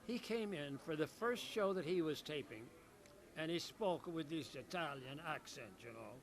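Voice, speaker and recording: A man, a soap opera actor, reminiscing in an interview with measured storytelling. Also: on the high side, lively intonation.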